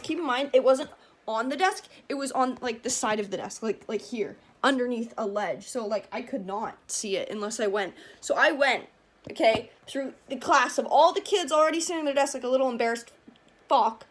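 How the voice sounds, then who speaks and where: A woman's voice: fairly high pitch, a little fast. A young woman vlogger chatting casually through a storytime while doing her makeup, retelling scenes with lots of "like".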